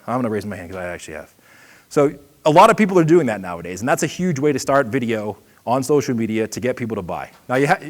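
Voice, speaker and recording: A middle-aged man from Boston with a Boston accent, giving a quick, energetic, conversational seminar talk. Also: medium pitch. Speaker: seminar presenter. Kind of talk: trade show seminar talk.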